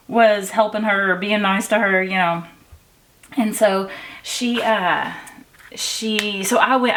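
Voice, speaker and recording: A woman's voice: medium pitch, fairly bright tone. Rambling woman chatting while crafting. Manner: rambling, many fillers and restarts. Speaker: vlogger. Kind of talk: casual chat while crafting. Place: home.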